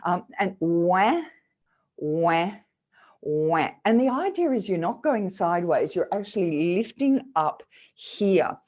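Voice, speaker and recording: A middle-aged woman leading a vocal warm-up lesson, coaxing and demonstrative. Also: mid-range voice, lively intonation, normal speed. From Australia. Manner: demonstrative, coaxing, with sung exercise syllables. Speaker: voice coach.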